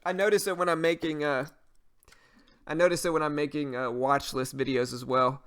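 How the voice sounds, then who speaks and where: A man with a Cajun accent talks casually on a live stream, answering chat and walking through trading ideas. His voice sits a little high for a man, and his speech is loose, with frequent fillers. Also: steady tone, normal speed, a bit bright, clean tone.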